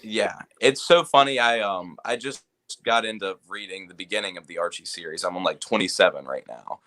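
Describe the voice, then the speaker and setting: A man guesting on a podcast, playful and excitable, laughing often as he talks. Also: deep voice, brisk. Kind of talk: casual interview chat.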